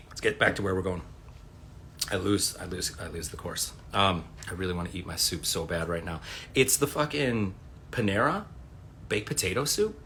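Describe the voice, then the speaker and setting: A lowish male voice, slightly marked by hiss or hum, comes through a phone as a man in his forties livestreams casually at home. He rambles, swears, and tells his stories with lively energy.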